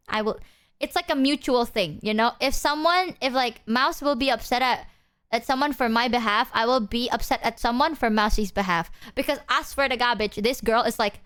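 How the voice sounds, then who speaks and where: A woman streamer in casual chat, animated and rambling, swearing often. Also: on the high side, normal speed, smooth.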